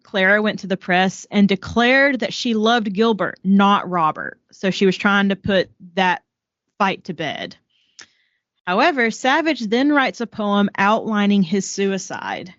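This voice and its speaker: A woman with a Southern accent co-hosts a podcast, casually summarizing a biography in storytelling style with lots of "um"s and quotes from the book. Her mid-range voice is fairly bright, lo-fi, and without echo.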